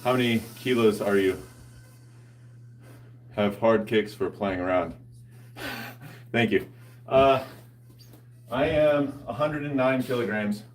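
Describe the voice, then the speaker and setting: A man's voice: medium pitch, slow pace, pauses often, far from the mic. A man chatting casually with viewers, laid-back and slangy, laughing often. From United States. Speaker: fitness vlogger. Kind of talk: casual chat answering live viewers.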